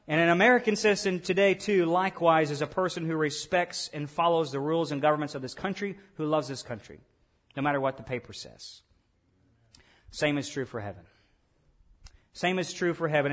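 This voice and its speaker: A man's voice: fairly high pitch, fairly bright tone. A man preaching a sermon, earnest and repeating key phrases for emphasis. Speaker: pastor.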